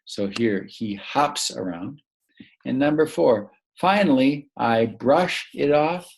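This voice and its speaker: A man teaching a recorded grammar lesson to young children, patient and prompting them to pause and answer. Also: medium pitch, animated, creaky, breathy edge.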